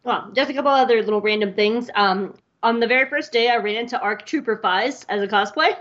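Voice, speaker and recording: A woman in casual podcast chat, telling animated stories and jumping up high when she mimics other people. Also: brisk, dull audio. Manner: animated storyteller, mimics voices with high squeals.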